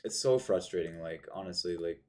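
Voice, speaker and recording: A man's voice: low voice, brisk. A man talking through his day trades live, frustrated and hard on himself, swearing and saying "man" and "bro". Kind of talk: live trading commentary to himself.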